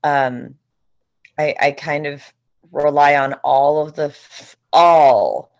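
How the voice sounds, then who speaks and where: Low-voiced woman co-hosting a chatty podcast. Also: flat delivery, slow, lo-fi sound. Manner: chatty, candid, swears casually. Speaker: podcast co-host. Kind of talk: casual chat.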